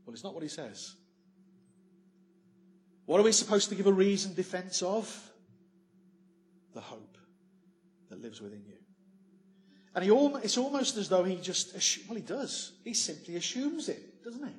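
A man delivers a sermon in a slightly raised voice. He leans on rhetorical tag questions and swings from loud, emphatic lines to quiet asides. A faint hum sits under the recording. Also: high-pitched, very animated, moderate pace, pauses often. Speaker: preacher.

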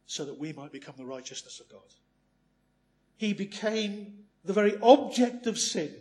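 Male preacher, high-pitched, earnest sermon delivery with rhetorical questions and hushed asides.

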